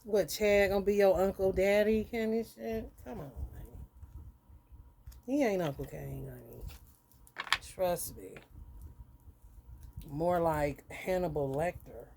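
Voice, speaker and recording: A woman with a mellow, dark voice hosting a live tarot stream. She talks bluntly and profanely and keeps calling people honey. She jumps from loud, high outbursts down to low, muttered asides. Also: a little slow, creaky, pauses often, a little hiss or hum. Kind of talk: unscripted live-stream monologue.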